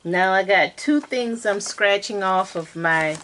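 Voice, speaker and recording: A woman's voice: medium pitch, slow, fairly bright tone. A woman, co-hosting a casual chat about toy collecting, talking in a candid, self-deprecating way.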